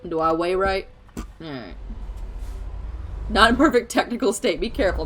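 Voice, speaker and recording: A woman streamer chats away as she plays, her voice swinging up and down lively as she talks back to the traffic and her viewers. Loud truck engine and road sounds from the game run under her voice the whole time. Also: medium pitch, normal speed, pauses often. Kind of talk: casual live-stream chat while playing a driving game. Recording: clear vehicle noise from the game. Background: truck engine and road noise from the game.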